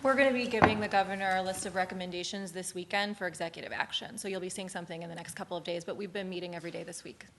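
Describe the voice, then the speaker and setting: A woman official talks fast and low-pitched for a woman, keeping her answers brisk and matter-of-fact. A faint hiss of noise sits under her voice. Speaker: aide answering press questions. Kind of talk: press conference answers.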